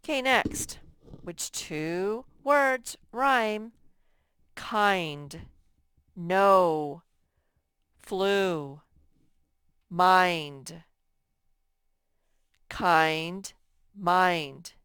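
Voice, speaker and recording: A woman's voice: fairly low pitch, fairly bright tone, smooth, dry recording, clean studio sound. A woman teaching a recorded phonics lesson to first graders, patient and spelling things out word by word. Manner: slow, patient, drawn-out word by word.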